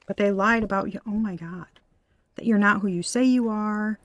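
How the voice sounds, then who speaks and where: Excitable woman reading tarot, dry close sound. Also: medium pitch, moderate pace, no room sound. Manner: excitable, exclamatory, swearing, frequent gasps. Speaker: tarot reader.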